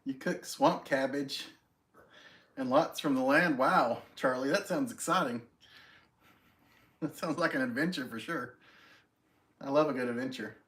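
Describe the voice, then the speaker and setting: A man's voice: medium pitch, a little slow, pauses often, a bit bright. A man hosting a casual live stream at home, greeting viewers by name and chatting in a friendly, self-deprecating way. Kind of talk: casual chat reading viewer comments.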